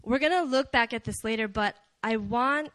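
A young woman giving a casual, story-driven talk at a church prayer meeting, chatty and animated, with many fillers. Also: fairly high pitch, moderate pace, dry recording. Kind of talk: conversational sermon.

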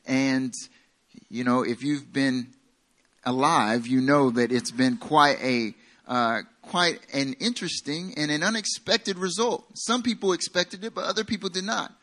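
This sermon comes from a Southern American pastor whose somewhat high, slightly bright voice keeps a measured pace. Casual and self-mocking, he jokes with the congregation and adds a humorous aside.

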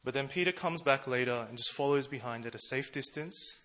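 A male preacher with a bright, forward voice gives a casual, chatty sermon. He talks the way friends talk, laughing at himself along the way. His pitch sits in the middle of the male range. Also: a little fast. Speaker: preacher, church treasurer.

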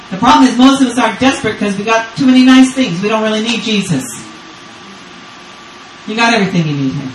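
A woman's voice: a little high, expressive, fast, distant mic, slight background noise. A woman in her fifties from Texas, a grandmother, preaching a sermon as guest speaker with urgent, repetitive call-and-response. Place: church service. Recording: roomy church sound from off-mic.

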